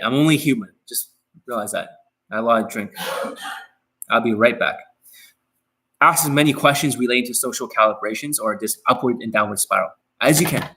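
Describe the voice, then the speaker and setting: A man's voice: medium pitch, sharp tone, poor audio. A man hosting a live stream Q&A as a dating coach, talking in a blunt, profane and rambling way with many repeated phrases.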